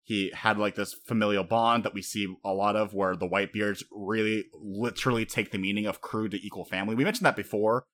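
A man co-hosting a casual podcast, rambling and animated as he retells story scenes, slipping into quoted voices. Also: lowish voice, a little fast, hardly any pauses. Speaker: podcast co-host. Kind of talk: casual anime discussion.

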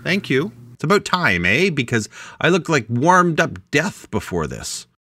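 A young man co-hosting a podcast, teasing and animated, his pitch swooping widely. The tone is bright and forward, and the recording sounds dry and close on a podcast mic. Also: unhurried, no room sound. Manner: playful, teasing, animated delivery. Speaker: podcast co-host. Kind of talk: casual podcast banter.

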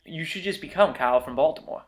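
A man with a slightly higher voice, chatting casually and dropping wry jokes and quick asides. He sounds playful and conversational as he riffs on a topic. It is a relaxed podcast-style talk. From Boston area. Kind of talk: casual chat.

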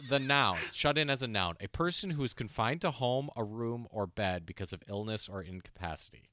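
A man's voice: mid-range voice, lively intonation, bright, forceful tone, dry recording. A man co-hosting a podcast, chatting casually and stammering now and then. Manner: quick, stammering, reads aloud. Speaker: podcast co-host. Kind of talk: casual chat.

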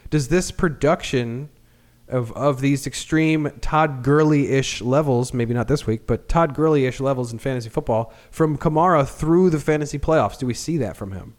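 A man hosting a casual sports podcast, excitable and swearing freely as he talks. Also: mid-range voice, moderate pace. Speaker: podcast host.

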